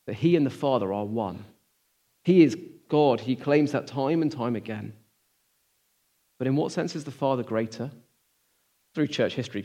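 An earnest man delivering a sermon in a middle-pitched voice. He poses questions to his listeners and presses his points with emphasis. Then he drops to a soft, near-whispered hush. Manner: swings from emphatic to hushed, near-whispered lines. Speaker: preacher.

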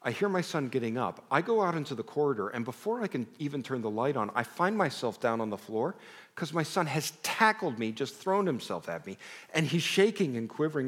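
A man's voice: medium pitch, sing-song, fairly quick. A middle-aged man preaching a conversational sermon to a congregation, telling personal stories with self-deprecating asides. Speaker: pastor. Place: large hall before a congregation. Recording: long hall reverb.

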